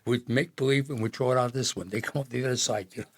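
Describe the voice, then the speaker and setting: Speaking fast in a medium-pitched voice with a breathy edge, this older Jersey City man is a guest on a podcast. In casual chat, he spins rambling tales of his old neighborhood, full of restarts and laughter.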